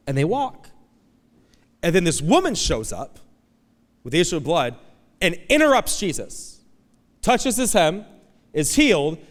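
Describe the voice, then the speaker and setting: A man preaching a sermon as pastor, animated, breaking into loud, high outbursts as he acts out pleading voices from the story. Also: in a large hall. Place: church auditorium.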